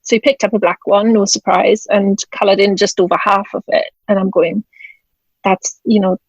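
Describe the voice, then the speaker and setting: A woman's voice: medium pitch, fairly even intonation, moderate pace, husky, no echo, highs cut off. A woman from Germany, a guest on an interview podcast, telling a personal story in casual conversation and acting out the dialogue. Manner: storytelling, acts out quoted dialogue. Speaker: guest, author and widowed mother. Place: home, in Scotland.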